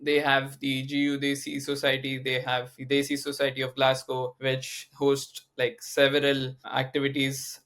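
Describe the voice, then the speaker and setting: A man's voice: mid-range voice, a bit bright. A young man from India, a student guest explaining things steadily on a podcast. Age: young adult. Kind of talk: casual podcast chat.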